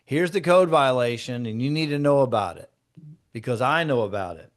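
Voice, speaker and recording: A man with a voice of ordinary pitch leads a training session for real estate agents. He teaches through anecdotes and talks casually with the group, as if they were colleagues. When he tells a story he acts out what each person said. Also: lively intonation, normal speed. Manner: conversational, acts out client dialogue in shifting tones.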